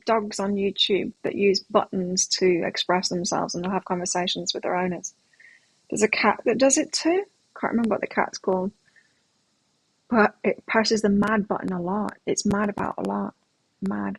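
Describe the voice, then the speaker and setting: Hosting a live tarot stream, a middle-aged woman talks in a loose, rambling way, telling anecdotes between readings. Her husky, breathy voice keeps a steady tone at an ordinary pitch and normal speed, captured in a close, dry, low-quality recording with no room sound.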